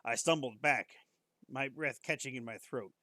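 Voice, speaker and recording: A man's voice: mid-range voice, moderate pace, pushed and bright, dry recording. A man streamer reading a horror story aloud on a live stream, casual and breaking off now and then to joke and comment.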